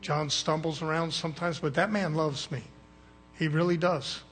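A man's voice: on the high side, steady tone, moderate pace, fairly bright tone, slight background noise. A man preaching a sermon in a folksy, blunt way, calling for amens from the congregation.

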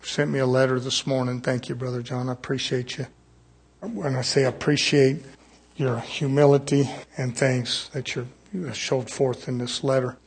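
A man preaching a sermon as pastor, swinging from loud fervent build-ups to quiet asides. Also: medium pitch, level tone, moderate pace, creaky, breathy edge.

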